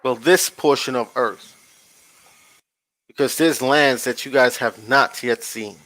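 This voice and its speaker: A man with a bright, forceful voice talks at a slow, deliberate pace while reading from a screen to his online audience. He stops often to check in with his viewers in relaxed slang. The sound is dry and close, with no room echo. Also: medium pitch. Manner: slow, drawn-out reading with frequent checks to the listeners; addresses viewers directly in casual slang. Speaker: online channel host. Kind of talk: casual commentary reading from a screen-shared page.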